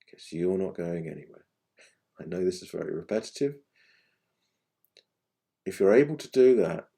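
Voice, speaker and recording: A man leads a guided meditation lesson in a deep, mellow voice. He speaks gently and without hurry, his sentences often sinking to a soft, quiet finish. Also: vocal fry, breathy edge. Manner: gentle, unhurried, phrases trailing off softly. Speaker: meditation teacher.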